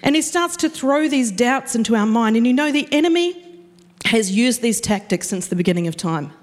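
A woman preaching a sermon, animated and storytelling, acting out the voices she quotes. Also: fairly high pitch, normal speed. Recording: long reverb of a church hall.

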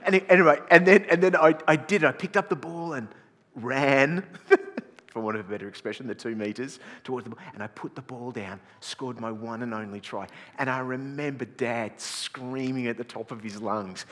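A middle-aged pastor telling a self-deprecating story in a sermon, chatty and full of restarts. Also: male voice, medium pitch, moderate pace, fairly bright tone. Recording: long reverb in a large hall.

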